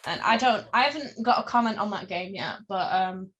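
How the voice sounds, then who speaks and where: A woman's voice: medium pitch, a little fast, fairly bright tone. Chatty woman co-host, rambling. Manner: rambling, filler-heavy, tangent-prone. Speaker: podcast co-host. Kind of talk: casual chat.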